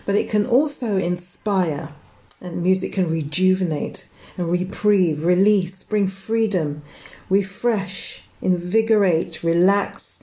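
A woman hosting a reflective podcast from a greenhouse, talking in an encouraging way and stringing words together in slow lists. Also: lowish voice, dark tone. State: out of breath. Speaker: podcast host.

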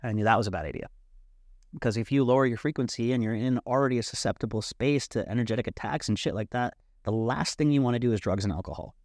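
A young adult man telling a personal story as a podcast guest, animated and swearing freely while acting out what others said. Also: medium pitch, fast talker, no room sound, studio quality. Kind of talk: casual storytelling.

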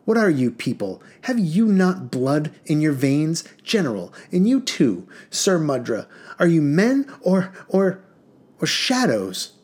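A man's voice: a little high, very animated, slow, darkish tone, slightly rough, voice pushed up, heavily acted. A man voicing a stubborn, lovesick young prince who speaks in pompous, pleading outbursts in an audiobook reading. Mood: indignant.

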